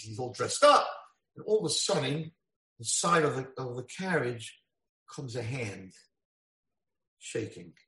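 Male lecturer, story-driven, animated delivery, high-ish voice, roomy echo. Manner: animated, acts out voices in dialogue. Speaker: rabbi lecturer. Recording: echoey room.

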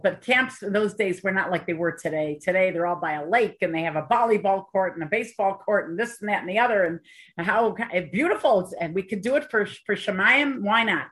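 Woman teaching a torah class, lowish breathy voice, chatty and earnest, drops in yiddish terms. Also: fairly bright tone. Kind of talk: storytelling Torah talk.

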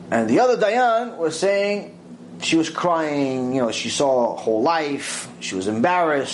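Animated man giving a Torah lecture. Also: a little hiss or hum, poor audio. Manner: animated storytelling, acts out quoted voices with big pitch swings. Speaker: Torah teacher. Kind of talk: mussar lecture.

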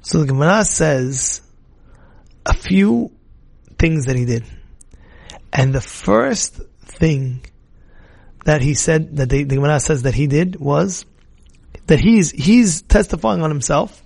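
A man, a rabbi, giving an animated Torah lesson, often acting out scolding household voices, with many restarts. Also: a little high, slow, vocal fry, long pauses.

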